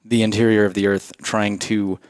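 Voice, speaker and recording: A man's voice: fairly low pitch, level tone, moderate pace, clean tone, no room sound, studio quality. A man co-hosting a podcast, explaining things at length in casual, laid-back chat. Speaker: podcast co-host.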